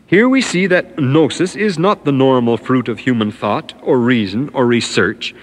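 A man's voice: medium pitch, moderate pace, few pauses. A middle-aged man delivering a formal, scholarly radio lecture in the 1950s, emphatic as he quotes scripture at length.

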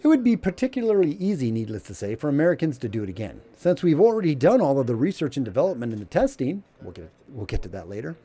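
Guy reading his script out, sarcastic and punchy, warm low tone, pitch all over. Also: big pitch swings, quick pace, hardly any pauses, slightly rough. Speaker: channel host. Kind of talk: reading a prepared commentary.

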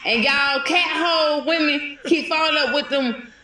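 A woman playing a loud, rambling woman who warns everyone about snakes in a comedy sketch, with rowdy, slurred street talk. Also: high-pitched, moderate pace. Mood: ranting. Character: loud preachy woman called Roshita. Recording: roomy echo.

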